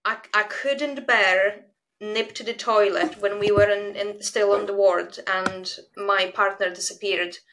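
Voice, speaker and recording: Brief: female host, bright and sharp timbre, candid and halting. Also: mid-range voice, fairly even intonation, slight background noise, poor audio. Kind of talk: casual chat.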